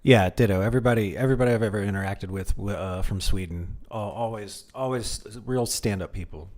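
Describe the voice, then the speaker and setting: A man streaming live, chatting in a relaxed, halting way with restarts. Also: on the low side. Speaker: game streamer. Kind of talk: casual live-stream chat.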